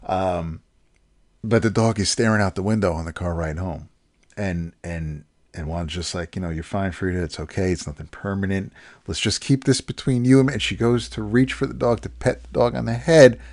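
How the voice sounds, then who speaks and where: A man co-hosting a comics podcast, casually recapping a story with many restarts and fillers. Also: mid-range voice.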